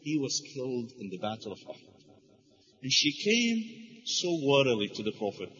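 A man's voice: medium pitch, sing-song, moderate pace, fairly bright tone, in a large hall, highs cut off. A man giving a religious lecture and taking questions, telling stories earnestly and using Arabic phrases.

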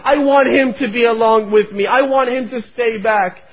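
A man's voice: very high-pitched, moderate pace, husky, pitched above the performer's own voice, exaggerated voice. A man voicing a sick little girl who tearfully pleads with her father not to leave her. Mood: pleading. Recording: tinny phone-like recording.

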